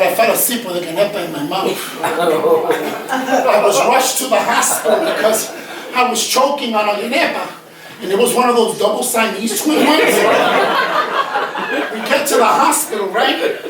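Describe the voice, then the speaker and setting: A Bronx man with a fairly high voice performs an animated, salty comic monologue on a theater stage. He is miked from a distance, so the sound is very echoey and the room noise of the audience comes through. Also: moderate pace, pauses often. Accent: New York (Bronx). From the Bronx, New York. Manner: animated, profane storytelling.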